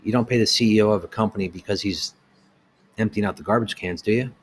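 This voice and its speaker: Middle-aged man, low voice, blunt small-business owner ranting to camera, faint background hiss. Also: quick pace. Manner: blunt and heated, asking rhetorical questions. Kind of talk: opinion rant to camera.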